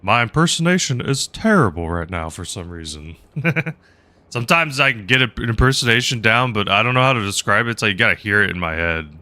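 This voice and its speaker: A man's voice: lowish voice, animated, brisk, pushed and bright. A man live-streaming a game, rambling casually and chatting with viewers between laughs. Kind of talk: casual gaming commentary.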